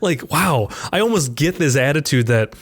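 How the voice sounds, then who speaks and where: A man's voice: on the high side, animated, normal speed, breathy edge. Rambling man chatting about a movie. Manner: rambling, many restarts and filler words. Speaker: podcast co-host. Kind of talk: casual film discussion.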